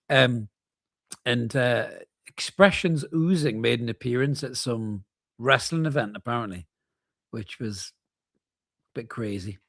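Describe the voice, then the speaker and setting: A man cracks jokes and gives blunt opinions in a middle-pitched voice. He sounds dry and close to the mic. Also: husky, no echo. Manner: banter-laden, joking, quick to laugh. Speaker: podcast co-host. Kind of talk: casual watchalong commentary.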